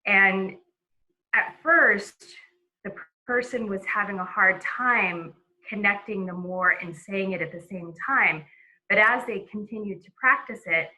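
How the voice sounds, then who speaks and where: A woman giving a relaxed webinar lesson on a video call, talking casually with many fillers and restarts. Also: mid-range voice, poor audio. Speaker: presenter.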